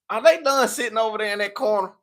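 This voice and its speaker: A man's voice: high-pitched, fast, fairly bright tone. A man from Tennessee with a Southern accent, a tarot reader chatting live in a playful, preachy, scolding way. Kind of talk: live tarot reading chat.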